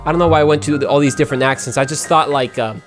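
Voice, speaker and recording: A man's voice: on the high side, fairly even intonation, racing, soft background music. Upbeat young man hosting a podcast. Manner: upbeat and chatty, with playful asides. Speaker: podcast host. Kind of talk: casual solo podcast monologue.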